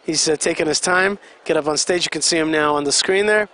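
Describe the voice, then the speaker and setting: Chatty high-voiced male event commentator. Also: a little fast, sharp tone. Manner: chatty, explaining, asks the audience questions.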